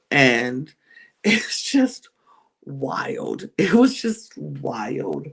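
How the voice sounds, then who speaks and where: A woman hosting a podcast, recapping a reality show in a chatty, animated way with many restarts. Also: a bass voice, drawn-out words, creaky, husky.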